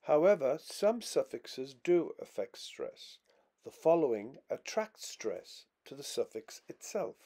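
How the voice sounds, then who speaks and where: A man narrating a scripted English pronunciation lesson, reading out example words slowly and with clear stress. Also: medium pitch, very animated, warm tone.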